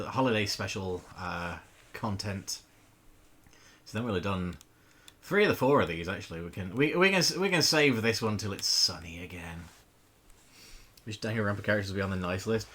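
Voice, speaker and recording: A man streams a game live, joking around, greeting his chat and swearing casually as he plays. His pitch bounces all over the place, and his tone is bright and forward.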